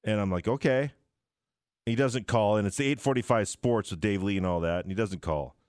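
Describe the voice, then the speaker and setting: A man who works in sports radio, telling stories in casual chat, lively and giggly, stumbling over repeated words as he starts. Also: fairly low pitch, fairly quick, dry recording, studio quality.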